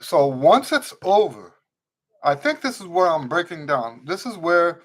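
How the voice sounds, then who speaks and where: A man with a fairly high, sing-song voice teaches trumpet at a measured pace during an unscripted live-stream Q&A. Earnest and instructive, he repeats key phrases for emphasis and reads viewer comments aloud, greeting people as they post.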